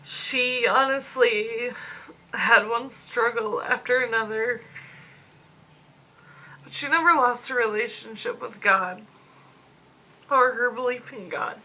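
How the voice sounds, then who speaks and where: A woman in her late twenties speaking a personal video diary into a phone, grieving, slow and halting, fighting back tears. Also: on the high side, bright, forceful tone, poor audio. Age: 20s. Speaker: vlogger. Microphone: phone camera.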